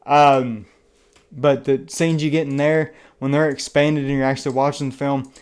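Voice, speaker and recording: This film reviewer hails from the American South and has a Southern accent, talking through a movie in an earnest, enthusiastic ramble packed with fillers and restarted phrases. His voice is mid-range and smooth, level in tone, at a moderate pace.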